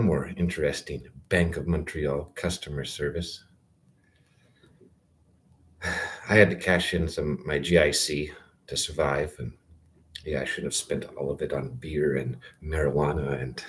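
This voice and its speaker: Very deep-voiced rambling man. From Calgary, Canada. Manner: rambling, sarcastic, self-interrupting with fillers. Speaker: vlogger. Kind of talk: rambling direct-to-camera rant.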